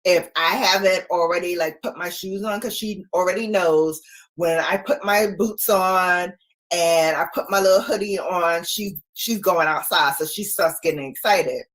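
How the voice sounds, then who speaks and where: A woman in her forties chatting casually with live viewers from home, playful and quick to laugh. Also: lowish voice, fairly bright tone. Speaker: livestream host.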